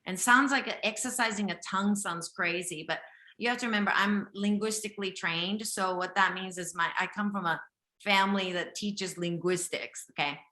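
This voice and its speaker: During a live intuitive health reading with one participant, a woman from Japan speaks at a moderate pace with a steady, sharp, mid-range voice that echoes with reverberation. Her English carries a slight accent from her first language, Japanese. She is direct and insistent, regularly checking in with "okay?".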